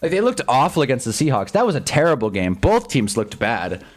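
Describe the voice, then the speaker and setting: A man streaming live sports commentary who swings between loud yelps and low mutters and chats with his viewers' comments. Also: huge pitch swings, fairly quick, faint music behind. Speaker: streamer hosting a live game watch-along.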